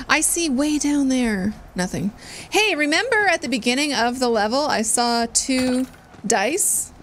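A high-pitched woman playing through a video game, muttering her thoughts aloud and cursing as she goes. Faint game music runs underneath her voice. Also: a bit bright. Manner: swearing, thinking aloud. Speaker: streamer. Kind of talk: casual gaming commentary.

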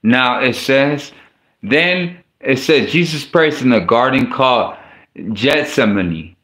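A man's voice: medium pitch, animated, slow, fairly bright tone. A man preaching an informal sermon and reading scripture aloud, speaking in a casual, slangy way with frequent stumbles and restarts. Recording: echoey room.

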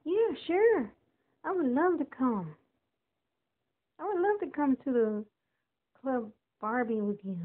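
A woman's voice: sits high, big pitch swings, slow pace, pauses often, narrow, tinny audio, heavily acted. Woman doing an eager doll friend.

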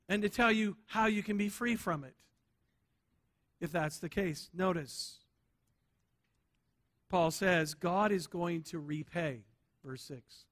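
Bright high-voiced male preacher. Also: slow pace, pauses often. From United States. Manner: emphatic preaching, repeats key words for stress; rhetorical "right?" checks with the congregation. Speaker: pastor. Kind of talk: sermon.

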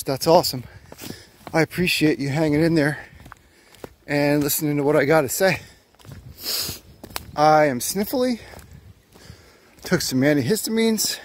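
A man chatting to himself in a casual hiking vlog, rambling and joking as he walks a forest trail outdoors. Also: fairly high pitch. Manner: rambling, joking self-talk. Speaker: vlogger.

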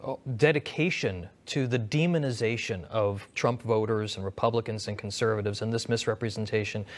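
A man's voice: fairly low pitch, brisk. A man hosting an interview, asking long, winding questions with restarts. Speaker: interviewer host. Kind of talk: TV news interview.

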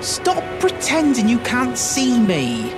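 A small, put-upon creature in a video game, just freed from being a tree. He drags his words out slowly and plaintively, with a swooping, sing-song lilt. A clear music score plays underneath. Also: very high-pitched, wildly swooping pitch, exaggerated voice. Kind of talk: video game character dialogue.

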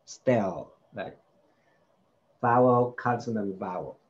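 A man's voice: lowish voice, slow pace, dull audio. A man tutoring a child in spelling, patiently repeating each word and sounding out its vowels. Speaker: home tutor.

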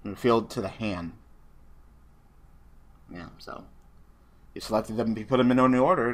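A man's voice: on the low side, steady tone, normal speed, pauses often, fairly bright tone. A man hosting a gaming channel, giving casual commentary on an online card duel, swearing constantly and swinging between muttering and ranting.

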